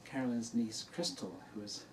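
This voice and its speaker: A man's voice: mid-range voice, fairly even intonation, moderate pace. Older man, teacher telling a story to a hall audience, easygoing, self-amused, recorded from a distance with a faint hiss. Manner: warm anecdotal storytelling, laughing at his own story. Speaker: dharma teacher. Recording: distant mic in a room with faint noise.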